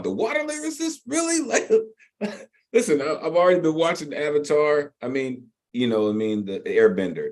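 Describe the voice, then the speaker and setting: Hype-man open mic host, male, gushing and repetitive on a video call. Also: lowish voice. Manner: excitable, repeats himself, laughs often. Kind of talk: enthusiastic hosting. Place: home, online video call.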